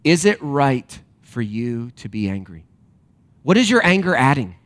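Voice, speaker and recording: A man preaching a sermon to a congregation, animated and emphatic, then dropping to quiet reflective questions. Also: medium pitch, a little slow. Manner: direct address to a congregation with rhetorical questions. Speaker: pastor.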